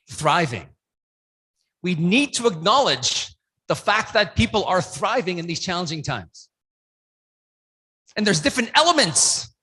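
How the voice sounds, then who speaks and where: A keynote speaker at a conference who leads the audience through call-and-response and counts, breaking into loud shouts to rouse them. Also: medium pitch, husky. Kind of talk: motivational speech with audience participation. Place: conference room with a live audience.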